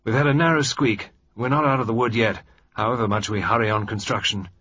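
A man's voice: mid-range voice, steady tone, a little fast, bright, forceful tone, breathy edge, no echo. A man voicing a bluff, blustering older male air marshal in a read-aloud story, raising his voice for the part. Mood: gruff. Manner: blustering, hearty. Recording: dry, slightly dull recording.

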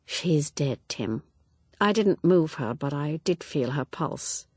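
A woman voicing a composed woman speaking gently and quietly. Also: low voice, animated, slow pace, slightly rough, no echo, full character voice. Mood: subdued.

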